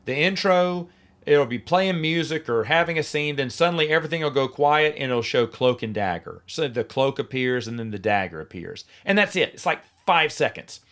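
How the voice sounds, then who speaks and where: A middle-aged man hosting a podcast on his own, giving an opinionated, sarcastic review in casual chat and mocking lines in a flat voice. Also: mid-range voice, moderate pace. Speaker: podcast host. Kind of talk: casual solo review monologue.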